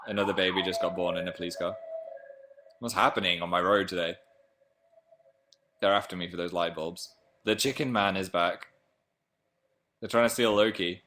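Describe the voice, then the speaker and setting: A man hosting a relaxed livestream, talking into a webcam mic in a somewhat low voice. He wanders from topic to topic and jokes around, with sudden bursts of excitement. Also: a little fast, long pauses. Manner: rambling, jokey, with sudden excited jumps in pitch and volume. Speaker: livestream host reading viewer comments. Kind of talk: casual chat.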